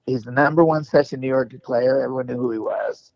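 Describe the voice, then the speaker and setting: A male musician telling stories in an interview, animated and profane, rambling with restarts, on a dull lo-fi recording. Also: mid-range voice, brisk, dry recording. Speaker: guest musician and producer. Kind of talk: casual storytelling interview. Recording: dull lo-fi dry sound.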